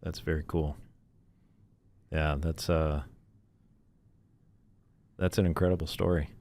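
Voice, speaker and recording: Low-voiced male podcast host. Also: little pitch movement, slow, a little mellow. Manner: brief, encouraging responses. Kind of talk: casual interview.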